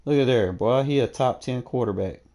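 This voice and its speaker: A man's voice: mid-range voice, fairly quick, mellow. A young man casually talking through his football video game stats, laid-back and slangy, often thinking aloud. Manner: laid-back, slangy, talks to himself while checking stats. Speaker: gaming streamer. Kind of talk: casual gameplay commentary.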